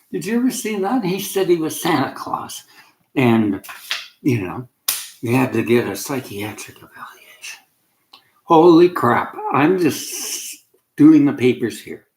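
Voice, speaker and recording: A man's voice: on the high side, animated, takes it slowly, slight background noise. A man from Canada ranting to camera, rambling and agitated, often breaking off mid-sentence. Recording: echoey room.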